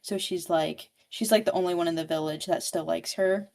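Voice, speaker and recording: A woman's voice: lowish voice, fairly even intonation, normal speed, gravelly, darkish tone. A woman giving a casual, chatty book recap, swearing freely and saying "like" constantly. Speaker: book podcast host or guest.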